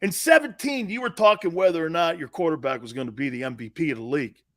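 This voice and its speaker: A middle-aged man hosts a live sports talk show, brash and blunt, swearing freely as he swings between loud bursts and low asides. He talks fast.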